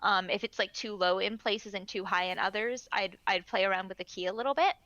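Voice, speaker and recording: A woman's voice: mid-range voice, fairly quick, sharp tone, no echo, muffled recording. A woman in casual stream chat, talking in a chatty, encouraging way with many fillers. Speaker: voice actor guest.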